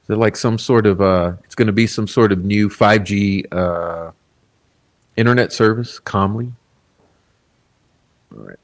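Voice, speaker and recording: A man's voice: fairly low pitch, unhurried, long pauses. A man hosting a casual livestream, reading viewer comments aloud in a laid-back, rambling way, chuckling often. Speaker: livestream host.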